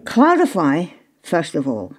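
A man hosting a radio interview, asking his guests questions briskly. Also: fairly high pitch, wildly swooping pitch. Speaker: radio host.

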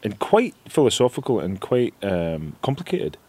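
A man with a northeast Scottish accent telling stories in an interview, rambling and animated. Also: lowish voice, moderate pace, no echo. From northeast Scotland. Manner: rambling, animated storytelling with laughs. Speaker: actor guest. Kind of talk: reflective interview chat.

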